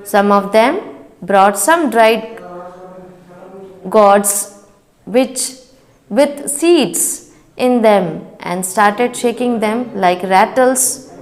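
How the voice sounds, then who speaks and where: Woman teacher for a children's reading lesson, very slow and deliberate, pauses to explain words. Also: medium pitch. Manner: rereads lines and explains word meanings; chants sound words in a sing-song rhythm. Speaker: school teacher. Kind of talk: reading a story lesson aloud to young children.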